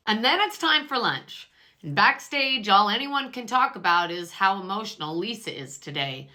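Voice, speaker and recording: A woman with a bright, ringing voice talks through a reality TV reunion in a chatty, gossipy way. She tells it like a story to her viewers. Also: mid-range voice, expressive, normal speed. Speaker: pop culture vlogger. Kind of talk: reality TV recap commentary.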